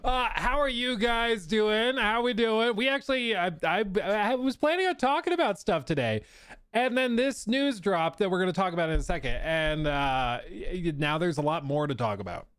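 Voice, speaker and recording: A man's voice: high voice, lively intonation, moderate pace, fairly bright tone, clear, resonant tone. A man hosting a casual gaming livestream from his home streaming room, rambling, stumbling over his words and laughing at himself. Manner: rambling and giggly, with stumbles and self-deprecating laughs. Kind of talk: casual live-stream chat.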